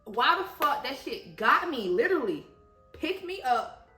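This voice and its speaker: A woman with a fairly high, very lively voice tells stories casually and swears freely, laughing often as she talks. The room sounds roomy and echoey, with clear music playing underneath. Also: a little slow. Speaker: vlog co-host. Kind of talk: casual storytelling.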